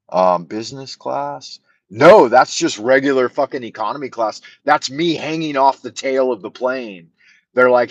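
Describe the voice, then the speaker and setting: Broadcasting from his home in China through a camera mic on a mount, an American livestreamer talks in a mid-range voice at normal speed. The chat rambles, turning emotional and profane, and the audio is dry and lo-fi.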